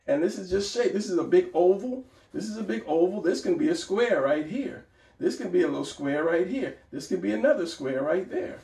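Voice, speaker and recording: Man, drawing tutorial, gravelly voice, fairly high pitch, roomy sound, camera mic from afar. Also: darkish tone, recorded from a distance. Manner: encouraging, talks while sketching, repeats phrases. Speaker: art teacher. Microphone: camera mic at a distance.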